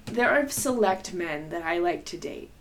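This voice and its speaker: A woman's voice: lowish voice, lively intonation, measured pace, fairly bright tone, slight background noise. A young woman co-hosting a podcast, telling a personal story in casual, rambling chat full of fillers. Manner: rambling, filler-heavy, candid and profane. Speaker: podcast co-host.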